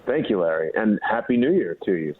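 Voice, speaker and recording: A man's voice: lowish voice, sing-song, brisk, husky. Man talking over a tinny phone line. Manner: conversational, loose, with "you know" fillers and restarts. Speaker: guest co-host. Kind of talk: conversational political talk.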